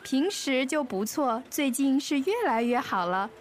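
A cheerful, sugary office employee, voiced by a woman in a scripted language-lesson skit. Her voice is high and sweet, with faint hiss and light clicks in the background. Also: lively intonation, unhurried. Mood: cheery. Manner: bright, sugary compliments.

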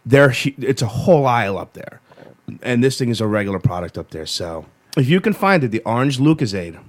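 A man's voice: medium pitch, sing-song, fairly quick. A man co-hosting a podcast who tells rambling stories in casual chat and swears often. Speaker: podcast co-host.

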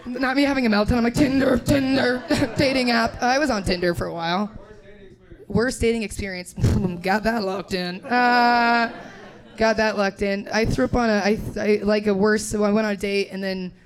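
Recorded live in a comedy club full of laughter, this young Indiana comic talks at a moderate pace in a steady, medium-pitched voice. Her stand-up is crude crowd work, laughing as she riffs with the audience.

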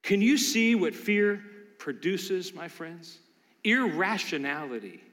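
A man's voice: high-pitched, animated, takes it slowly, a bit bright, long reverb tail. A man preaching a sermon, emphatic and questioning his listeners as he reads and explains scripture. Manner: emphatic, asks the congregation questions. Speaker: pastor.

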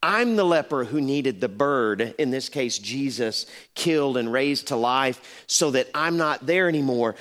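A man's voice: medium pitch, lively intonation, unhurried, hardly any pauses, fairly bright tone. A middle-aged man preaching a sermon in a church, telling stories conversationally and building to emphatic exhortation. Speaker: pastor. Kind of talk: sermon with storytelling.

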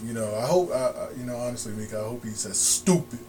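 A man's voice: medium pitch, fairly even intonation, very fast, music in the background. A man co-hosting a casual wrestling chat podcast, rambling with restarts and frequent laughs. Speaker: podcast co-host.

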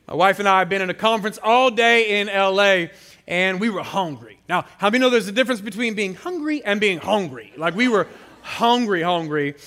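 A man's voice: sits high, animated, brisk, bright, forceful tone. A man preaching a sermon, telling playful stories and leading the congregation in call-and-response. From San Francisco area. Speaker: guest pastor.

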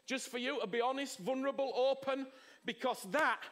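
A man preaching a sermon, emphatic, with rhetorical questions, swinging from loud exclamations to hushed words. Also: very high-pitched, steady tone, moderate pace, slight background noise.

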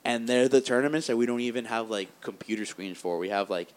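A man in casual chat, telling animated stories, laughing often and swearing as he acts out quoted lines. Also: medium pitch, quick pace, clean tone.

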